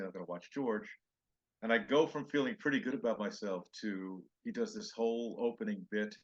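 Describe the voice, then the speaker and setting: An older man, a comedian guest, telling animated show-business stories in an interview and acting out the quoted lines. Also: fairly low pitch, muffled recording. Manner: animated anecdotes with acted-out quotes. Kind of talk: storytelling interview chat.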